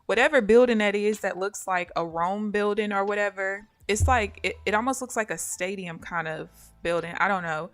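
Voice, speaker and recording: A woman day trader on a live stream, mixing trading commentary with animated stories, calling her viewers "y'all" and laughing often. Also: medium pitch, moderate pace, hardly any pauses.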